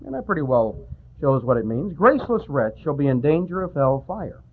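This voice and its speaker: A man's voice: mid-range voice, normal speed, slightly rough. A man preaching a sermon in a conversational style, acting out little quoted voices as he explains scripture. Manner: animated, conversational, acts out quotes. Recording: tinny phone-like old recording.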